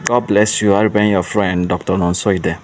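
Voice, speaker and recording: A man's voice: low voice, flat delivery, moderate pace. A man giving an earnest motivational monologue as a self-help speaker, repeating rhetorical questions. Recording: distant mic with faint traffic noise.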